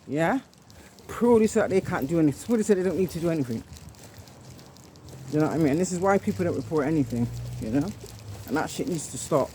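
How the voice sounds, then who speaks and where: A woman's voice: on the low side, a little mellow. A woman vlogging an angry monologue, indignant and emphatic, swearing and repeating herself. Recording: noisy home recording.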